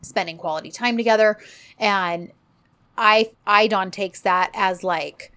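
A woman's voice: medium pitch, measured pace, clear, resonant tone. A woman co-hosting a casual podcast, recapping a TV series and acting out the characters' lines as she retells scenes. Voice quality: animated, acts out characters' lines while retelling. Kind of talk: casual chat.

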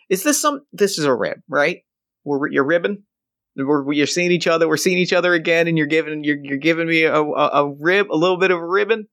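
A man voicing an aging, worn-down ex-wrestler who stammers and sounds flustered and bewildered. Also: fairly bright tone. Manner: stammering, flustered, higher than his own voice.

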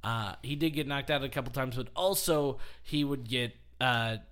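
A man's voice: medium pitch, normal speed, fairly bright tone, clean tone. A man hosting a casual podcast, telling a story in a rambling way with frequent laughs and swearing. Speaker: podcast host. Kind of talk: casual chat.

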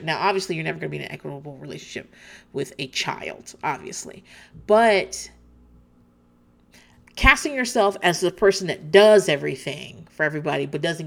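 This is an animated woman recapping a TV show in casual, candid chat. She restarts her sentences often and breaks into laughs along the way. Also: on the low side, gravelly.

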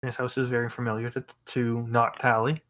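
A man's voice: medium pitch, level tone, brisk, fairly bright tone. Rambling male game master. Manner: loose, rambling narration with many fillers. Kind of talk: narrating a tabletop game.

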